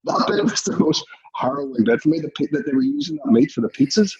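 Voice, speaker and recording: Northern Irish man, thirties, husky breathy voice, chuckling storyteller, dull lo-fi audio. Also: mid-range voice, quick pace, darkish tone. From Northern Ireland. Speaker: podcast guest. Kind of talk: casual chat.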